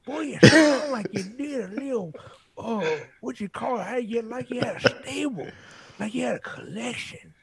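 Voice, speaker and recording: A man co-hosting a podcast in casual chat, loud and joking. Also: extremely high pitch, expressive, moderate pace, gravelly, a crowd in the background. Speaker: podcast co-host.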